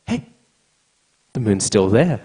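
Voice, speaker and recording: A man's voice: on the low side, big pitch swings, takes it slowly, dark tone, slightly rough, heavily acted. A man telling it as a demanding little boy. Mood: childish.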